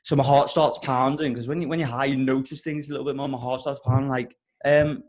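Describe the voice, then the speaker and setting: A young man hosting a podcast and telling a rambling story in an animated, casual way, swearing often. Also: mid-range voice, quick pace, hardly any pauses. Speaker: podcast host.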